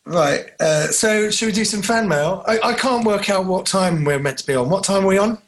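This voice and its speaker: Chatty man with a slightly high voice. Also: normal speed. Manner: rambling, animated storyteller. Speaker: podcast co-host. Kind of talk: casual chat.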